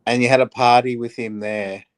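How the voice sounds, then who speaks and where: A man's voice: medium pitch, fairly even intonation, moderate pace. A man with an everyday mid-range voice chats casually on a live stream as a guest. He asks probing questions and drops dry jokes. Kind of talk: casual chat.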